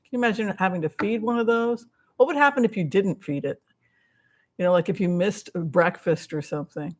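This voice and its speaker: Fairly quick and medium-pitched, a woman hosts a casual tarot-reading live stream. Her talk rambles with lots of side comments as she fields viewers' questions and acknowledges donors.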